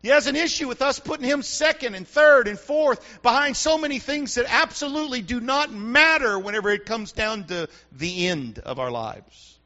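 Male pastor, very high-pitched, sharp edge, dull lo-fi recording, emphatic sermon. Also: lively intonation, moderate pace, few pauses. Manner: emphatic, repetitive preaching with rhetorical questions.

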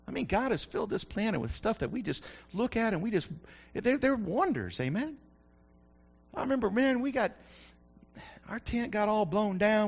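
A middle-aged male pastor giving a folksy, emphatic sermon with repeated refrains. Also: high voice. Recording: muffled lo-fi recording.

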